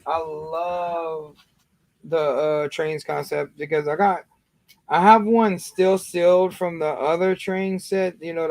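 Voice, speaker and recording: Man in his 30s, livestream host, slightly higher voice, dry close sound, loose rambling chat. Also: dry recording. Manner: rambling, many fillers and restarts.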